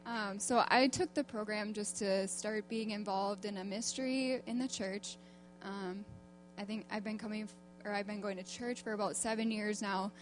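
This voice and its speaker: A woman's voice: mid-range voice, fairly even intonation. A woman with a mid-range voice speaks at a church about taking part in a ministry program. She stumbles and restarts often, and a faint mains hum runs under her voice. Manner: halting, with many fillers and restarts. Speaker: program participant. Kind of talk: church testimony.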